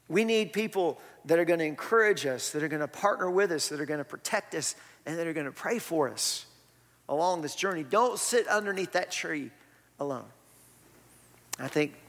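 A man preaching in a church, his voice a touch higher than most men's. He talks to the congregation like a friend, firing off rhetorical questions. His words ring out with a long reverb through the hall. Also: a bit bright. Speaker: pastor. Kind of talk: sermon.

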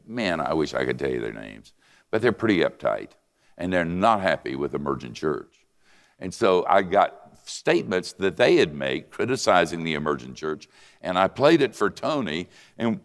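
An older man preaching a sermon and telling a story in an animated, conversational way. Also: sits low, creaky. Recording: reverberant hall.

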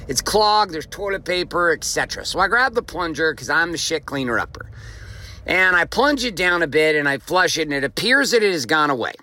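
A male podcast host giving a motivational monologue, telling a story in an animated and profane way. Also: a little high, fairly quick.

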